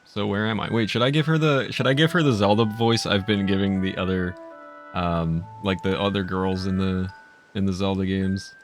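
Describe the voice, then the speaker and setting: Rambly guy chatting on a game stream, lowish voice, faint music underneath. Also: fairly even intonation, moderate pace. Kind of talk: casual live-stream commentary.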